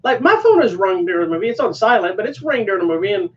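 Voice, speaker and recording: A man's voice: sits high, animated, very fast, a bit bright. A man co-hosting a casual podcast chat, talking in an easygoing, rambling way. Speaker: co-host. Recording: dull sound from a distant mic.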